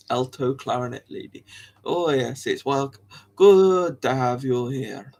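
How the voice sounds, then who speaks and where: A man's voice: mid-range voice, vocal fry, darkish tone. A young man, chatting casually on a live stream, rambling, restarting sentences and giggling often.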